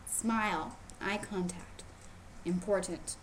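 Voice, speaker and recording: A woman's voice: fairly high pitch, moderate pace, slight background noise. A woman instructor teaching youth how to show rabbits, playful and emphatic, repeating her key points. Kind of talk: casual instructional video.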